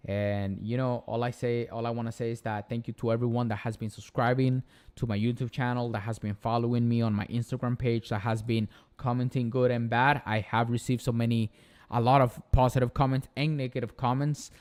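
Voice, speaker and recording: A man's voice: mid-range voice, little pitch movement, a little fast, darkish tone, clear, resonant tone. A young man with a Spanish accent hosts a casual live stream. He talks in an earnest, motivational way and stacks repeated phrases for emphasis. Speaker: channel host.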